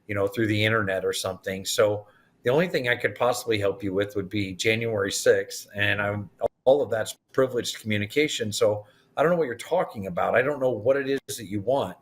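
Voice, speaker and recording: A man's voice: fairly low pitch, a little fast. A man, a guest in an interview, retelling events animatedly and acting out the dialogue. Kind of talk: storytelling in an interview.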